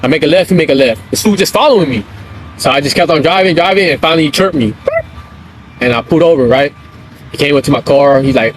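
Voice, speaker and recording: A man's voice: fairly high pitch, fast, background noise. A man streaming live, telling a personal story in casual street slang and often checking in with his listeners. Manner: street slang, keeps checking in with "right?" and "you feel me?".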